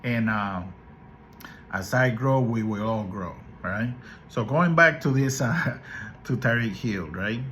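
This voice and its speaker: A man's voice: mid-range voice, animated, unhurried, a bit bright. Guy ranting on his channel, keeps restarting, mid voice, bit of hum in the back. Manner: opinionated, incredulous, rambling with restarts. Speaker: podcast host. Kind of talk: casual commentary vlog.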